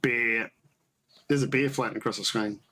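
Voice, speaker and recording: A man's voice: mid-range voice, fairly even intonation, normal speed, sharp tone, a little hiss or hum, rough recording. A man hosting a homebrewing livestream, chatting casually and rambling, correcting himself as he tastes beer. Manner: rambling, self-correcting, tasting beer on stream. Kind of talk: casual live chat.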